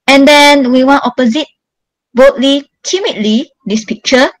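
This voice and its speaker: A woman teaching an online class, her voice sitting fairly high. She speaks slowly and patiently, stressing each instruction as she works through exam questions with her pupils. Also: low-quality recording. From Malaysia. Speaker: primary school English teacher.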